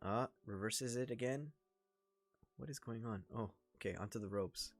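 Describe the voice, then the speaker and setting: A man with a Toronto accent, giving chatty, excitable commentary during a wrestling watch-along livestream. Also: on the low side, normal speed, faint music behind. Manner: chatty, excitable, reacts to the action. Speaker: livestream host.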